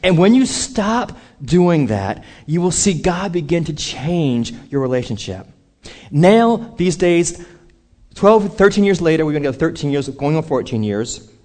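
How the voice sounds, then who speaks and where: A man's voice: a little high, very animated, unhurried, a little mellow. A man preaching a sermon, telling a personal story and acting out the voices of the people in it.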